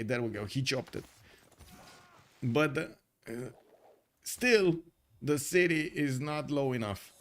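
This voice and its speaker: A man giving play-by-play commentary on a strategy game match, excitable and full of filler pauses. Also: medium pitch. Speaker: esports caster.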